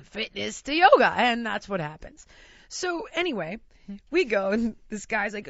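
Woman, storyteller, animated, laughs a lot, mimics others; mid pitch, dry and slightly muffled audio. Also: normal speed, no echo. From United States. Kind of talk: casual anecdote. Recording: dry, slightly dull lo-fi recording.

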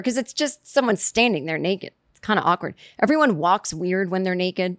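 A woman's voice: on the low side, fairly quick, no echo. Rambling comedic woman, dry close mic. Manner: rambling, animated storytelling with quoted asides. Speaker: podcast host. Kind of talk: comedic monologue.

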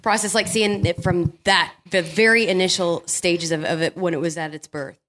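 A woman podcast co-host puts questions to her guest in an easy, conversational manner. Her voice sits a little low for a woman, and she sounds curious and engaged. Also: steady tone, normal speed, background noise. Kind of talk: interview questions.

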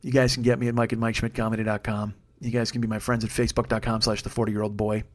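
A man's voice: on the low side, flat delivery. A man in his forties, a comedian hosting his own show, ranting at length with constant swearing and sudden bursts of intensity. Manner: profane, fast ranting with bursts of raised intensity. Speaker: comedian podcast host. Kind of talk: solo comedic rant.

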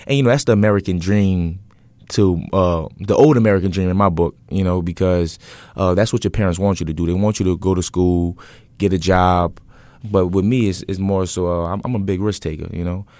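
A very low, mellow voice with fairly even intonation belongs to a young entrepreneur in his twenties, a guest sharing his personal story with an interviewer. Casual yet earnest, he leans on fillers and frequently starts his sentences over, captured in a dry, close recording.

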